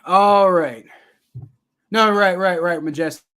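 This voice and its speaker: A man's voice: high-pitched, takes it slowly, bright, forceful tone. A man hosting a live stream, calling plays loosely and chatting back at viewer comments in a rambling, casual way. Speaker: live-stream sports reaction host. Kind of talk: casual live play-by-play and chat reaction.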